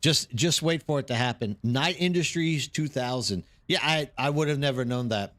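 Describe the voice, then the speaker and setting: A man's voice: mid-range voice, normal speed, fairly bright tone. A man chatting casually on a live stream while gaming, rambling and reacting to chat. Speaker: streamer hosting a watch party.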